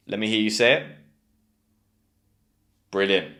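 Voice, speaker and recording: A man's voice: lowish voice, big pitch swings, normal speed, pauses often, a bit bright. A man with a British accent teaching English pronunciation, enunciating carefully and encouraging learners to repeat words. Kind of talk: scripted online lesson.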